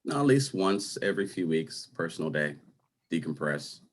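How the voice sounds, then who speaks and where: A laid-back man with a very deep, husky voice, answering a practice call in short, easy replies. He never sounds rushed. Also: big pitch swings. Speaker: networking group member. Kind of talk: practice call role-play.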